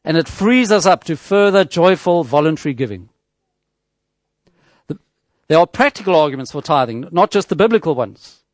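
Guy giving a sermon, kinda high voice, dry close sound, lots of restarts and questions to the crowd. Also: expressive, no echo. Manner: measured teaching tone, with frequent restarts and rhetorical questions. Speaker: preacher.

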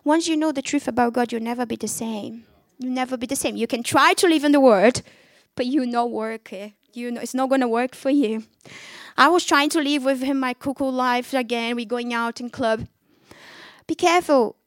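Brief: woman, high voice, dry close sound, fervent testimony preaching, non-native English phrasing. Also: normal speed, no room sound. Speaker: speaker giving her testimony. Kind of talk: testimony preaching to a young audience.

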